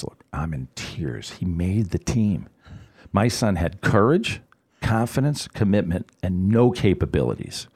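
A middle-aged man, a guest on a radio talk show, telling stories in a casual, animated way and acting out the people he quotes. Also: a bass voice, creaky, slightly rough. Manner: animated storyteller, acts out quoted voices. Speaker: guest, financial advisor.

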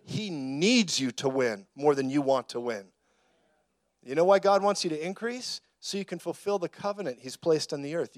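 Preacher guy, kinda high voice, chatty, tells stories, gets loud sometimes. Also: no room sound, clean studio sound. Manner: conversational preaching, storytelling asides, rises to shouted emphasis. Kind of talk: sermon.

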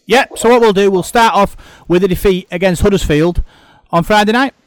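A man's voice: sits high, a little fast. A middle-aged man hosting a podcast in casual chat, rambling and restarting his sentences often. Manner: rambling, frequent restarts and repeated words. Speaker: podcast host.

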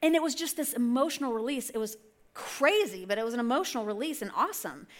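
A woman's voice: on the high side, expressive, fast. A middle-aged woman telling a rambling, self-correcting personal story in a church sermon. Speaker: church speaker. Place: church stage.

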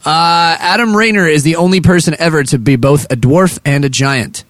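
A man's voice: fairly high pitch, moderate pace, a bit bright, no room sound. A man hosting a comedy show, rambling playfully through his jokes and poking fun at himself. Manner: playful, rambling, self-mocking. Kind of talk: comedic banter.

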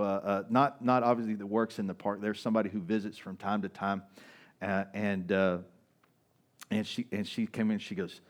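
A man preaching a sermon as pastor, in a conversational style with frequent "right?" asides, moving between loud, raised passages and quiet, low stretches.

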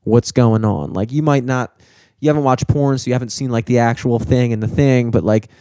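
A man's voice: mid-range voice, a little fast, mellow, smooth, no room sound, clean studio sound. A young man in casual chat, rambling and swearing, with lots of filler words.

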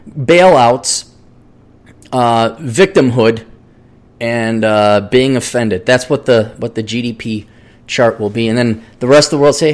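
A man hosting a solo podcast, rambling, profane and sarcastic while he reads sponsor plugs and vents. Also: mid-range voice. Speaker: podcast host.

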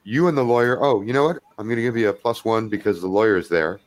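Low-voiced man running a tabletop game. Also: animated, fast. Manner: explains rules, then narrates. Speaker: game master.

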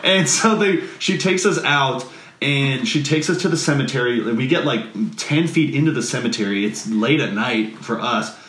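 A man casually telling a family anecdote, animated and full of "like", often leaping into high voices to quote people. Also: moderate pace. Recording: roomy echo.

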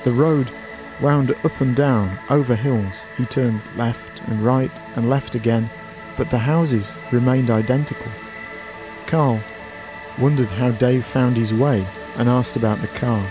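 A man reading a story aloud in a calm, measured way. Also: medium pitch. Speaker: narrator. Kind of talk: scripted story narration. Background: music.

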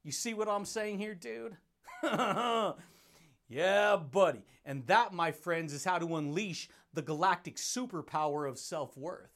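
Male podcast host, high pitch, pumped-up motivational rant, laughs often. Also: a little slow. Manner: energetic, laughing, calls listener dude and baby. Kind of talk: hyped motivational monologue.

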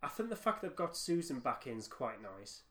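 A man's voice: medium pitch, normal speed, crowd noise. Chatty man, laughing as he talks. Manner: laughing, animated, self-interrupting. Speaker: podcast co-host. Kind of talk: casual fan podcast chat.

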